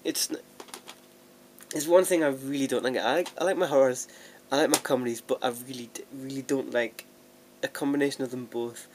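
Young guy, home vlogger, rambling and self-mocking, mid-pitched voice, faint room noise. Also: steady tone, fairly quick. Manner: chatty, self-deprecating, laughs often, many restarts. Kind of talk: casual rambling vlog chat. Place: at home sorting DVDs.

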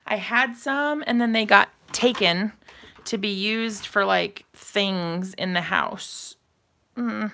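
A woman's voice: medium pitch, sharp tone, slight background noise. A woman hosting a crafting live stream from her home craft room, chatting casually and giggling, with many ums and likes.

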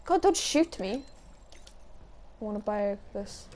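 Sweary, excitable young woman. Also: medium pitch, takes it slowly. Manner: sweary, excitable, laughs often, sudden shrieks. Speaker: gaming YouTuber. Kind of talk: casual gameplay commentary.

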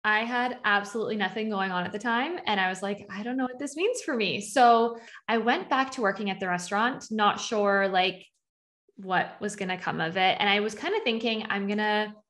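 A woman's voice: mid-range voice, normal speed, fairly bright tone. Chatty young woman telling her story. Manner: chatty, heavy use of "like", acts out her own past thoughts. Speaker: podcast guest. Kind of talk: conversational storytelling.

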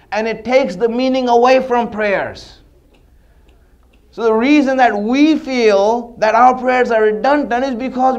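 A man's voice: extremely high pitch, dull audio. A man giving a conversational sermon, telling a story with lots of repetition. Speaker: religious speaker.

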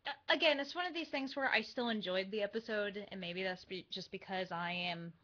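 A young woman co-hosting a casual fan podcast, frank and lively. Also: medium pitch, a little fast. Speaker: podcast co-host. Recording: dull lo-fi livestream audio.

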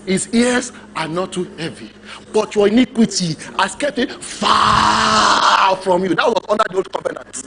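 A male pastor preaching a sermon, emphatic and animated, drawing responses from the congregation. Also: high voice, moderate pace, creaky.

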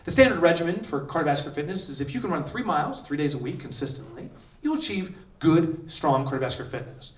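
An animated man on stage, his fairly high voice swinging widely in pitch as he tells stories to a crowd. The sound is roomy and a little distant, like a conference hall picked up from afar. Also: quick pace. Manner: animated, acts out quotes with shouts and laughs. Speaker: author giving a conference keynote. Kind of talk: energetic keynote speech with storytelling. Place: large conference hall, live audience.

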